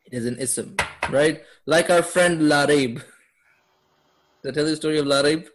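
Man, fairly high voice, classroom teacher, quizzes students, laughs a lot, upbeat. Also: moderate pace. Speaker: Quran Arabic teacher. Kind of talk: classroom lesson.

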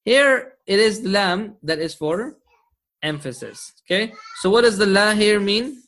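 A man's voice: sits high, expressive, unhurried, a bit bright. Patient male teacher quizzing his class. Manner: patient, quizzing students with frequent "okay?" and "hmm?". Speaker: Arabic teacher. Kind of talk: classroom grammar lesson.

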